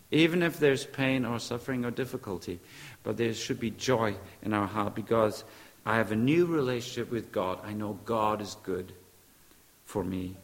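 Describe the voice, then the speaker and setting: A man's voice: mid-range voice, in a large hall. A man preaching a sermon, emphatic and repeating short phrases, now and then searching for the right English word.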